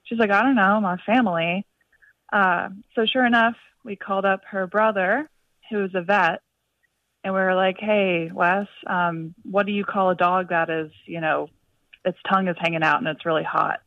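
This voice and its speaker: A woman's voice: lowish voice, fairly even intonation, moderate pace, no room sound. Woman caller, chatty, tinny distant phone line. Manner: chatty, lots of likes and fillers. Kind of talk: phone-in chat. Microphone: telephone.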